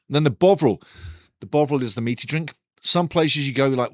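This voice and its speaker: A man's voice: mid-range voice, brisk, dry recording, clean studio sound. A man hosting a live football watch-along stream, chatty and joking, swearing casually and repeating himself. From United Kingdom. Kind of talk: casual live-stream chat and match commentary.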